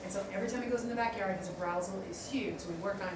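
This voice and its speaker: A woman's voice: mid-range voice, very fast. A woman chatting about a client's dog, asking eager follow-up questions. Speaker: dog trainer and co-host. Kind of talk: casual chat. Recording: very echoey room, distant from mic, noisy.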